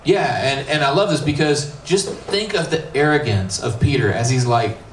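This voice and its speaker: A man preaching a youth sermon, a middle school pastor who retells the story in a lively, casual way and acts out the characters' lines. His voice sits at an average pitch and is heard from some distance in an echoey room. A faint ambience runs behind him. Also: moderate pace, slight background noise. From United States. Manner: animated storytelling, acting out dialogue with casual asides.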